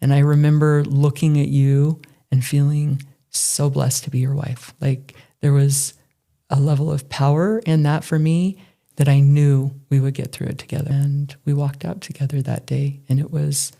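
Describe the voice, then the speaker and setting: Woman, middle-aged, gravelly, warm low tone, earnest, halting storytelling. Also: level tone. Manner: emotional, earnest, halting with restarts. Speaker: podcast host. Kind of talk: candid personal storytelling conversation.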